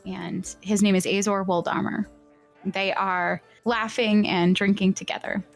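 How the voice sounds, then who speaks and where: A woman player describing her character's actions in a tabletop game, calm and descriptive. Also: medium pitch, unhurried, gravelly, faint music behind.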